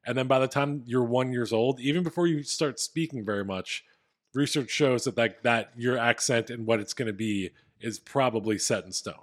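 A man's voice: medium pitch, moderate pace. A man co-hosting a podcast, explaining a story in a casual, wry way. He is from Philadelphia but has no heavy accent. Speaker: podcast co-host. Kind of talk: casual chat.

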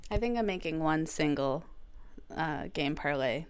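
A woman co-hosting a sports podcast, with a very low voice and a smooth, clear tone. She keeps her remarks short and relaxed. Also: measured pace. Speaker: podcast co-host. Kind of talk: casual sports podcast chat.

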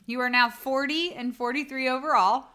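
A woman's voice: sits high, steady tone, normal speed, bright, forceful tone. A woman co-hosting a casual sports betting podcast, dry and teasing as she reads out the records. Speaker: podcast co-host.

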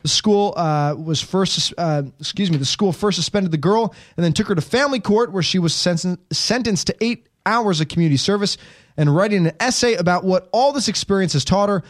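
Brief: male talk host, higher-pitched voice, wry jokey delivery. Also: a little fast. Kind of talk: casual podcast chat.

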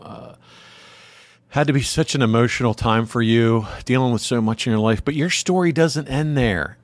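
Co-host, man, middle pitch, reflective and encouraging, dry mic. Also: dry recording. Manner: supportive, reflective, speaks of faith. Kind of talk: podcast interview.

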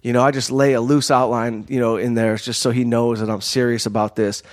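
A man's voice: mid-range voice, level tone, fairly quick. A man from Michigan telling a long story in a casual, rambling way, full of "you know" and "like.". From Southfield, Michigan, USA.

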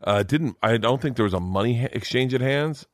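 A man's voice: mid-range voice, brisk, no room sound, clean studio sound. A middle-aged man, a comedian guest, telling rambling, profane stories in casual podcast chat. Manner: rambling storyteller, swears freely.

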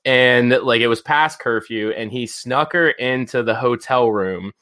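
A man in his thirties hosting a podcast, telling stories in a casual, profane, animated way, full of filler words. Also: mid-range voice, unhurried. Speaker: podcast host. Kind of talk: casual storytelling chat.

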